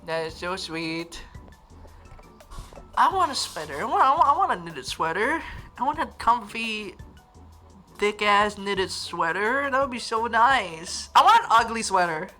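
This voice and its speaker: A woman's voice: mid-range voice, very animated, a little slow, pushed and bright, faint music behind. A young woman from Northern Ireland with a Northern Irish accent, chatting casually on a livestream and reading viewer comments, giggly and rambling with lots of restarts. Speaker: livestream host.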